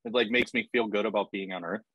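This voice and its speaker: A man's voice: on the low side, steady tone, quick pace, a bit bright, husky, no room sound, poor audio. A man chatting as a podcast guest, easygoing and agreeable, with many fillers. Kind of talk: casual chat.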